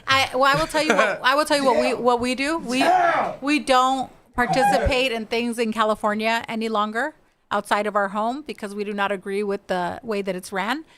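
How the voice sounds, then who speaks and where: A woman's voice: a little high, fairly even intonation, a little fast, crowd noise. A woman guest on a podcast, talking frankly and animatedly about spiritual practice, laughing easily. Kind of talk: casual podcast chat.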